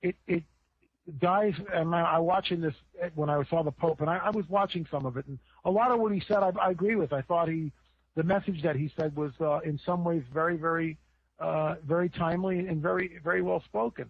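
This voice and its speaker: A man's voice: a little high, fairly even intonation, brisk, creaky, no echo. A man, a podcast guest, preaching in a casual way, often repeating words and building up with rising emphasis. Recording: dry tinny phone line.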